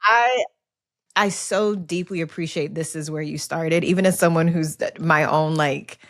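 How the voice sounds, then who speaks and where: A woman hosting a podcast, talking to her guest in an animated, effusive way. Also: deep voice, a little slow, dry recording, studio quality. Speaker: podcast host. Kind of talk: podcast conversation.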